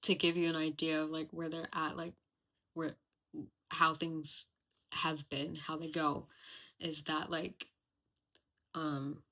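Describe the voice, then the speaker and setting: Bright, sharp-toned young woman podcasting. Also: sits low, flat delivery, slow pace, long pauses. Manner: candid and reflective, chatty with many fillers. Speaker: podcast host. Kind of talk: casual personal podcast monologue.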